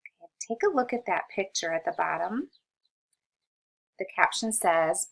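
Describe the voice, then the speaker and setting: A woman's voice: lowish voice, lively intonation, gravelly, breathy edge, poor audio. A woman teacher reading a history lesson aloud to children, patiently sounding out each word. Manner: slow, patient, sounds out words for young readers. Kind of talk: read-along lesson for children.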